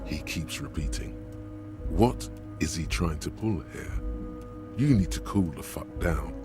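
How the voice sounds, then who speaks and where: A man voicing a brooding inner voice of the mind that narrates slowly and intensely. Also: very deep voice, animated, music in the background. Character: ominous male inner voice of the mind. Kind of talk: fan voice acting of a game.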